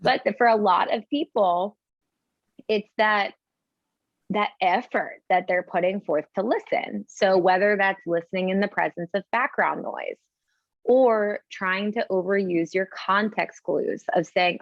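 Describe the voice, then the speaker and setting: A woman speaking as an audiologist guest in an interview, explaining in a measured way with examples. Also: medium pitch, no echo, muffled recording.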